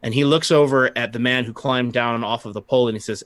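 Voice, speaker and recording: A man narrating a tabletop game as game master, unhurried, with frequent pauses and fillers. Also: medium pitch, steady tone, fairly bright tone, no echo. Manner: unhurried, pausing often with fillers.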